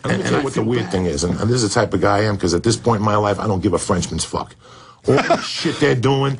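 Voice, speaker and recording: Gravelly, shouting foul-mouthed man. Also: lowish voice, expressive, fast, slight background noise. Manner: loud, swearing, bursts into shouts and laughter. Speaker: comedian guest on a talk show. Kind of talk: profane ranting storytelling.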